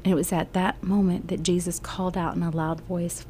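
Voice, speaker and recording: A middle-aged woman Bible teacher telling a gospel story slowly and earnestly, often sinking into a whisper. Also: lowish voice, little pitch movement, mellow, a little hiss or hum. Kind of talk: emotional Bible storytelling lesson.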